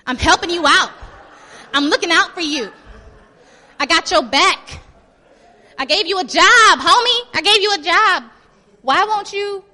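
A woman's voice: a little high, moderate pace, big-room sound, natural voice. A woman playing a swaggering ancient king. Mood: coaxing. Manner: swaggering, slangy and coaxing. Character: boastful, demanding ancient male king.

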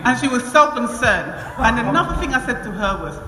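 A woman giving a church testimony, telling her story in an animated way, laughing often and acting out conversations. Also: a little high, brisk, crowd noise. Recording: echoey hall with long reverb.

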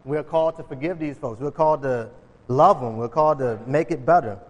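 A man's voice: on the high side, fairly quick, lo-fi sound. A man preaching an informal sermon, retelling Bible stories in casual, conversational speech and acting out the characters. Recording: long hall reverb.

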